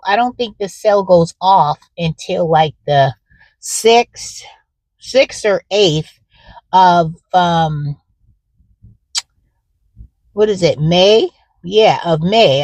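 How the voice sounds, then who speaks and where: A chatty woman vlogging about gardening, her voice a bit low and rambling with plenty of ums. The sound is close and dry, as if recorded on a phone. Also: darkish tone, dry recording. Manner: chatty, rambling, frequent fillers. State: out of breath. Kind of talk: casual vlog chat. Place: in a car.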